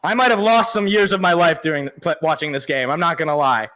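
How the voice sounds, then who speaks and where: A man giving excited live play-by-play as a fan, yelling at big plays with a voice worn from shouting. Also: on the high side, quick pace, rough recording. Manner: yells and cheers at big plays, sings along. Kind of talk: excited live reaction commentary.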